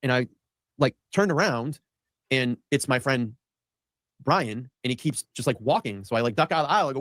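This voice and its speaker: A man's voice: mid-range voice, animated, moderate pace, fairly bright tone, no echo, studio quality. A man hosting a show, telling a long rambling story in casual chat and acting out what people said. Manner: rambling, acts out quoted lines. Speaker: host. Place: studio.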